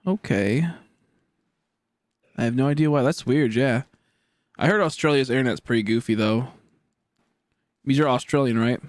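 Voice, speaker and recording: A man's voice: medium pitch, moderate pace, long pauses, no room sound. A man in his twenties chatting casually on a game live stream, rambling and joking as he answers chat aloud. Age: 20s.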